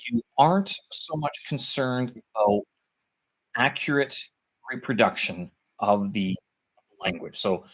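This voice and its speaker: A man's voice: medium pitch, low-quality recording. A man talking live about teaching English, rambling and searching for words as he thinks aloud. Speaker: vlogger on teaching English abroad. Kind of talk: live-stream talk.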